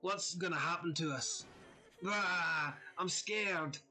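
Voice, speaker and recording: A man's voice: high voice, slow, bright, forceful tone, a little hiss or hum, voice pushed up, full character voice. A man voicing a frightened teenage girl in a game, stammering and whimpering through tears. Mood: scared, tearful.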